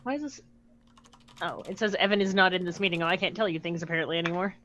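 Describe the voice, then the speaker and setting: A woman's voice: fairly low pitch, quick pace, fairly bright tone, slight background noise, low-quality recording. A woman playing a tabletop role-playing game over a video call, chatty and playful. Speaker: player.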